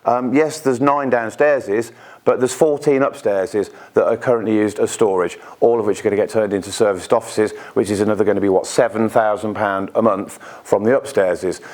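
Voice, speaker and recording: This UK man speaks in a lowish, darkish voice with fairly level intonation. He's presenting informally to investors at a networking event, chatting away with brief asides and voicing other people's words.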